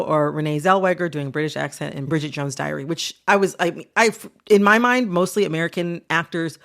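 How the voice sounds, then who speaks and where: A woman with a deep, gravelly voice hosts a podcast, chatting casually and animatedly with lots of "like"s.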